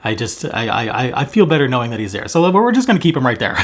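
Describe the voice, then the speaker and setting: Hammy, animated man vlogging at home. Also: medium pitch. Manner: hammy, playful, fast-talking; theatrical, self-mocking. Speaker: cross-stitch vlogger host. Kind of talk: casual chat vlog. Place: at home, indoors. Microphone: camera facing him while seated.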